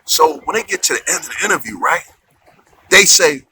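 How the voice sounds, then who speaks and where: Here the comedian's voice is high-pitched with vocal fry, and he talks a little fast against heavy background noise. He delivers a loose, lively comedy story, often tossing in "right?" to check in.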